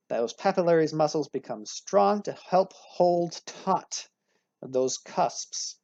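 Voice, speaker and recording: A man's voice: fairly high pitch, vocal fry, warm tone, dry recording. A man teaching anatomy in a recorded lecture, casual and upbeat, often correcting himself mid-sentence. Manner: casual and upbeat, with frequent self-corrections and analogies. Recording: dry, slightly dull recording.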